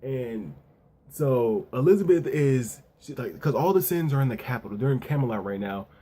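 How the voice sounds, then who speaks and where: A man's voice: medium pitch, lively intonation, moderate pace, mellow. A man casually reviewing a manga chapter, talking loosely in slang with plenty of "yo" and "you know what I'm saying.".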